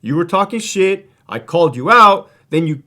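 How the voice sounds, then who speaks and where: A man's voice: a little high, expressive, moderate pace, pushed and bright. A man who used to be a prison guard tells stories in a casual, profane, streetwise way, rambling and restarting his sentences. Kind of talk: casual storytelling.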